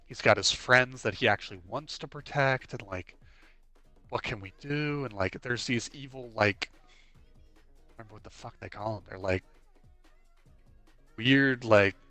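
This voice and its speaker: A man in his twenties hosts a livestream, casually chatting and rambling through stories while saying "like" constantly. He's an animated storyteller who acts out quotes, speaking in an unhurried mid-range voice with long pauses. Soft background music plays.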